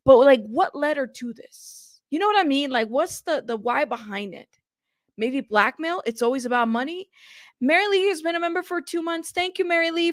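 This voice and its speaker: A woman hosting a casual live stream, chatty and playful, reading viewer comments aloud and giving shout-outs. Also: high voice, dry recording, clean studio sound. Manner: playful, teasing. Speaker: livestream host.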